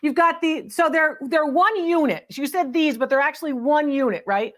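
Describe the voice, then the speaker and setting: Brief: high-pitched middle-aged woman host, upbeat, chatty antiques appraiser on a call-in show. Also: normal speed, fairly bright tone.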